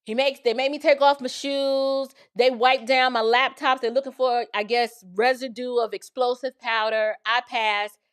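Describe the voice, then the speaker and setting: An animated woman tells a personal story to her viewers. Her voice sits a little high, and she slips into different voices when she quotes people. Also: normal speed, few pauses, clear, resonant tone. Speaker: show host.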